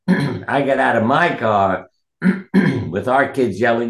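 A man's voice: mid-range voice, slow, roomy sound. A man, a doctor and author, telling earnest stories from his practice in an interview and quoting the people in them. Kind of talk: reflective interview storytelling.

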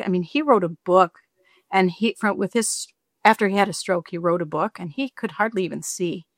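A woman's voice: mid-range voice, fairly quick, dry recording, clean studio sound. A woman author being interviewed, telling a personal story in casual chat and acting out the people she quotes. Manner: animated, acts out quoted voices, rambling.

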